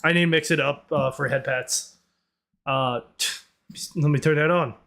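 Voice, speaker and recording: A man's voice: on the high side, fairly even intonation, moderate pace, gravelly, fairly bright tone. A man casually streaming a reaction, joking and laughing, and given to trying out silly voices.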